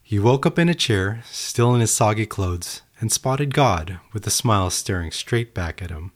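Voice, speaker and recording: A man's voice: on the low side, animated, normal speed, hardly any pauses. A man hosting a solo podcast, talking earnestly and telling a parable. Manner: earnest, storytelling. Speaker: podcast host. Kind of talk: reflective solo podcast talk.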